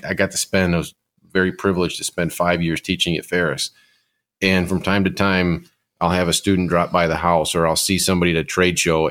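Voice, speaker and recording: A man who once taught welding, talking earnestly with halting restarts. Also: low voice, a bit bright. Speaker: former welding teacher. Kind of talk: reflective conversation.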